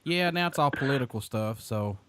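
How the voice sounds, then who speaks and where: A man hosting a casual radio interview, blunt and quick to swear, laughing along with his guest. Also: mid-range voice, expressive, a bit bright, smooth, dry recording, studio quality. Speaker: radio show host.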